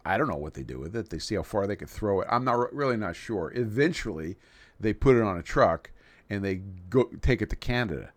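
A man's voice: lowish voice, expressive, brisk, dry recording. A man from New York City hosting a live stream in casual chat, rambling and joking with frequent restarts. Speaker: livestream host.

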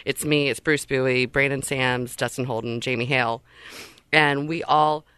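Thirties woman, bright voice, dry close sound, animated and frank podcast guest. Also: rumbling low, normal speed, smooth, dry recording. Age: 30s. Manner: animated, laughing, frank and profane. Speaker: guest, comedy show creator. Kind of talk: casual podcast chat.

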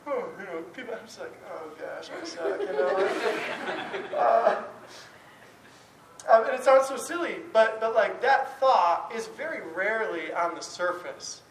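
A man's voice: high voice, animated, a little slow, some chatter behind. A man who teaches Bible, giving an informal talk to a class in a candid, chatty way with frequent chuckles and restarts. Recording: roomy, distant mic, faint background noise.

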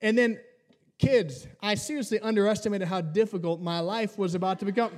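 A man preaching a sermon as pastor, mixing humorous family stories with teaching and acting out bits of dialogue. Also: very high-pitched.

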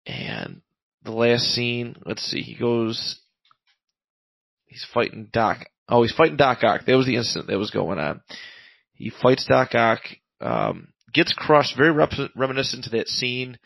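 A man with a gravelly, fry-edged voice talks through a comic plot in a loose, rambling way, stopping often on ums and uhs. He sounds close and dry, with no room around him. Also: mid-range voice, expressive, a little slow, a bit bright, no room sound, low-quality recording. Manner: rambling recap full of fillers, paraphrasing lines. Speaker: podcast co-host reviewing comics. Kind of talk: casual chat recapping a comic.

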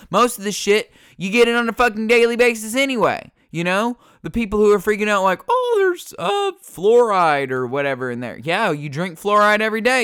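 A man's voice: sits high, bright, forceful tone, smooth. A man ranting casually in a rambling, profane and sarcastic way, full of fillers. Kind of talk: casual unscripted rant.

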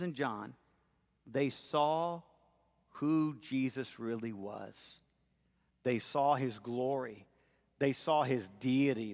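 A man's voice: on the high side, long reverb tail. A man preaching a sermon as pastor, emphatic and full of rhetorical questions.

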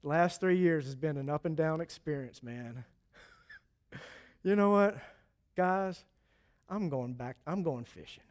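Here is a worn-out, resigned fisherman, as a preacher acts him out. He sighs his way through his words. The voice sits high for a man and has the loose feel of a retold sermon story. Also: unhurried, pauses often, natural voice. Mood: fed up. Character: weary, overwhelmed male fisherman disciple.

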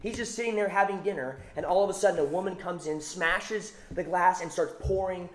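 A man's voice: sits high, brisk, roomy sound. A man preaching a sermon, emphatic, repeating phrases for stress. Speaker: pastor.

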